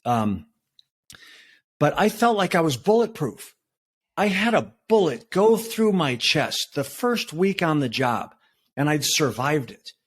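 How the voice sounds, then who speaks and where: A man in his sixties, a retired federal agent, telling his story as a podcast guest in relaxed talk with fillers and restarts. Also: fairly high pitch, slow, husky. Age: 60s. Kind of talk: conversational storytelling.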